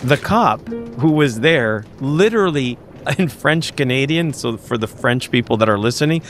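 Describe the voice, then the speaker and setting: A man in a podcast interview tells a personal story with emphatic insistence. He restarts his sentences often and gropes for words as he goes. His voice sits at an ordinary male pitch. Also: lively intonation, moderate pace, soft background music. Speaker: guest; investigator.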